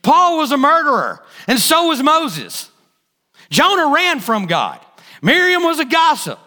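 High bright-voiced male preacher, emphatic. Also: huge pitch swings, measured pace. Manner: emphatic, repeats key phrases, asks congregation questions. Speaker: pastor. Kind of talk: sermon. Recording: hall reverb.

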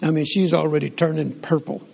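An older man, telling stories in a folksy, animated sermon with frequent restarts. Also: a little high, brisk, vocal fry, breathy edge. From Southern United States. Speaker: preacher. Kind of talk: sermon storytelling. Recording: long hall reverb.

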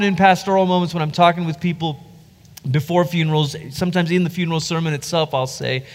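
Pastor, man, high voice, lively teaching delivery, long reverb. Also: fast talker. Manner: animated, acts out quoted voices. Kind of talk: Bible teaching discussion.

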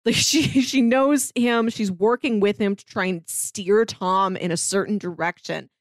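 A woman co-hosting a casual book discussion podcast, relaxed and often saying "like". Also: medium pitch, unhurried, dry recording, studio quality. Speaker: podcast co-host.

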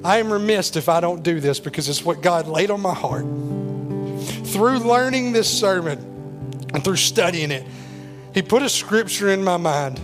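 A man preaching a sermon as pastor, swinging between loud pleading and hushed intensity. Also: sits high, lively intonation, moderate pace, over music.

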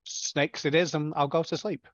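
A man's voice: fairly high pitch, flat delivery, moderate pace, a bit bright, no room sound. A man playing a tabletop game, talking in a wry, easygoing way. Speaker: player. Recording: dull lo-fi sound.

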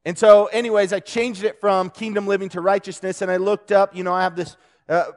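A man's voice: high-pitched, flat delivery, fairly quick. A man preaching a casual, conversational sermon to a young audience, joking with them and restarting his sentences.

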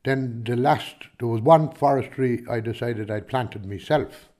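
A man's voice: mid-range voice, measured pace, warm tone. A man with a Kilkenny Irish accent, a farmer answering interview questions in a rambling, chatty way, full of restarts and "do you know what I mean". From Ireland.

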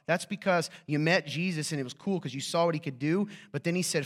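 A man's voice: a little high, fast talker, few pauses. Conversational pastor, man, preaching. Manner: conversational, joking with the congregation; rhetorical questions, swings from quiet to loud. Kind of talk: sermon. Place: church.

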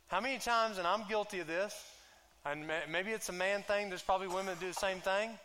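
A man preaching a sermon, conversational and joking, who slows right down when reading scripture. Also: high voice, pushed and bright. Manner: conversational and joking, drags out scripture lines slowly. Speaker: pastor.

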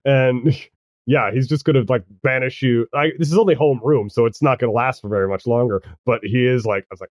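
A man's voice: mid-range voice, steady tone, fairly quick, a little mellow, dry recording, muffled recording. A man narrating as game master of a tabletop game, hesitant and often restarting, with laughs.

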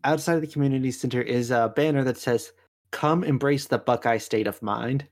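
A man's voice: mid-range voice, brisk. A man narrating as game master of a tabletop game, with dry, exasperated asides.

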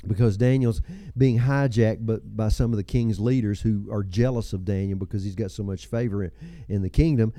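A man's voice: lowish voice, fairly even intonation, brisk, few pauses, mellow, dry recording. A man in his seventies preaching a sermon, with folksy storytelling, chuckles and personal asides. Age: 70s. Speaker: pastor.

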